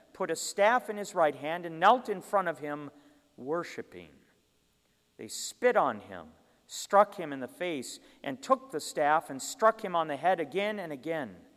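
A man's voice: on the high side, fairly bright tone. Man reading scripture in a reverberant hall. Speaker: scripture reader. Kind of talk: Bible reading.

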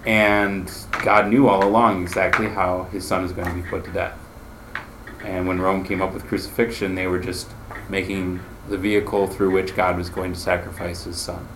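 Low-voiced man teaching a Bible class. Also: level tone, normal speed, noisy background. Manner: conversational, quizzes the class.

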